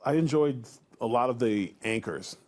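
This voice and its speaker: A man's voice: mid-range voice, normal speed, a little mellow. A man on a talk show panel, telling a mocking story and laughing as he goes.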